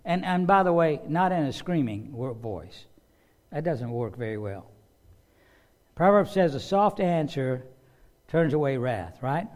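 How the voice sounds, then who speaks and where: A man's voice: on the high side, very animated, unhurried, darkish tone. A man preaching a sermon in a conversational way, often repeating words and asking his listeners questions. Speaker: pastor. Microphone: microphone with a loose connection.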